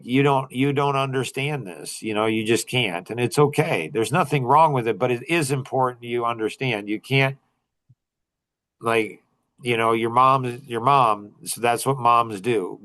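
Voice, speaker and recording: A man's voice: mid-range voice, a bit bright. A middle-aged man leading a young men's group talk, rambling with many restarts and fillers.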